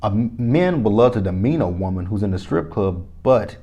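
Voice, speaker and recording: A man recapping a TV episode in a casual, profane, animated way, reacting aloud to each scene. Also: fairly low pitch, normal speed, breathy edge. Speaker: TV episode reviewer.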